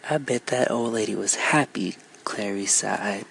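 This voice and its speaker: A storyteller reading a folk tale aloud, unhurried and lilting, switching voices for each character. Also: low voice, creaky, fairly bright tone, slight background noise, poor audio.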